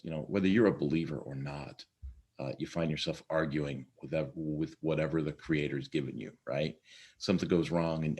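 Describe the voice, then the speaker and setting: Very deep husky-voiced man, chatty. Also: a little mellow. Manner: rambling, conversational, with frequent fillers and restarts. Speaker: podcast host. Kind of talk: casual morning monologue.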